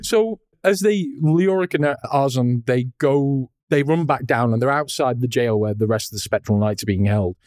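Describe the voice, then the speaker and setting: A man's voice: mid-range voice, moderate pace, hardly any pauses, darkish tone, dry recording. Male podcast host, casual chat; laughs a lot and acts out scenes. Dry close mic. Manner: laughs often, swears casually, acts out characters. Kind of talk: casual chat recapping a cartoon.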